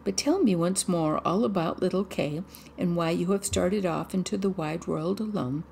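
Headstrong robber girl, bossy and blunt, low gravelly tone, woman reader playing her. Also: normal speed, darkish tone, slight background noise.

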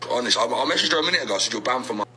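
A man's voice: medium pitch, lively intonation, rapid-fire, pushed and bright, a little hiss or hum, poor audio. A man ranting aggressively in a social media clip, slangy and threatening. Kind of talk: TikTok video rant.

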